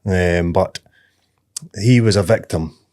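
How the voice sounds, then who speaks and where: A man with a low voice talks in a casual podcast chat. He stays calm and measured and speaks plainly, giving advice from experience. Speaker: podcast co-host.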